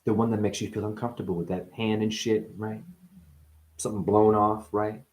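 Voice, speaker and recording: Guy doing a rambling swear-filled spiritual rant, wordplay everywhere, mumbles then yells. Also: level tone, a little fast, slight background noise. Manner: profane, wordplay-driven, jumps between wild pitch swings and mutters. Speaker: spiritual speaker. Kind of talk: rambling monologue.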